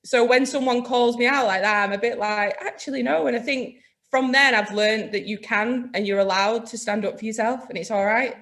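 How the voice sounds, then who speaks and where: A woman who owns a lighting business, a podcast guest chatting frankly and telling lively stories, acting out what people said to her. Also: a little high, normal speed, hardly any pauses. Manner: frank, lively storytelling that acts out other people's lines. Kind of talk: casual chat.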